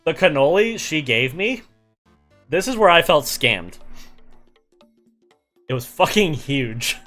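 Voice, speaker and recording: A man's voice: on the high side, sing-song, takes it slowly, sharp tone, soft background music. A young man streaming while he draws, telling a travel story in a rambling, casual way with many fillers and restarts.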